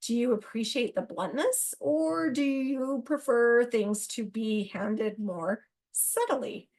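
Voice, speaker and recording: A woman hosting a solo astrology talk, speaking straight to her listeners in an excitable, animated way and laughing at herself. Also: a little high, takes it slowly, hardly any pauses. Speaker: astrology podcast host.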